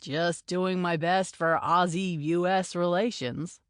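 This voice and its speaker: A woman's voice: fairly low pitch, steady tone, takes it slowly, clear, resonant tone, no room sound, studio quality. Woman voicing brash young male player, cocky and joking.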